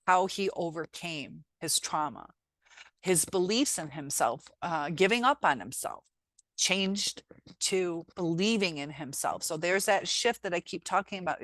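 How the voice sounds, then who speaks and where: Earnest woman with a low, dry voice. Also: a bit bright, no echo. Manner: earnest, encouraging, reflective. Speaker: teacher and healing vlogger. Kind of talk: casual motivational vlog talk.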